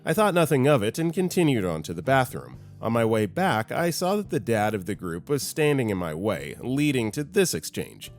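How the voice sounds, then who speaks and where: Expressive male story narrator. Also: mid-range voice, normal speed, hardly any pauses. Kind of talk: scripted narration. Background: faint guitar music.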